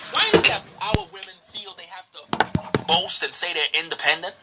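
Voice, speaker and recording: A man's voice: sits high, wildly swooping pitch, moderate pace, very noisy. A man preaching a profane, emphatic livestream sermon to women, scolding and mocking them. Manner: preachy, profane, emphatic, mocks others in quoted voices.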